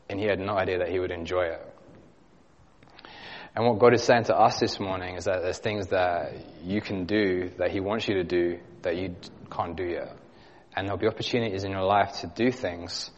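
A man gives a sermon in a church hall, telling an earnest story with the odd light laugh. His voice sits a little low. The recording is dull and lo-fi, with a long hall reverb trailing behind him. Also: darkish tone. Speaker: youth leader preaching.

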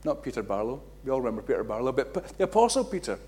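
A middle-aged man preaching a sermon, acting out quotes with big jumps in loudness and pitch. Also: very fast. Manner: animated, acts out quotes with big swings in loudness.

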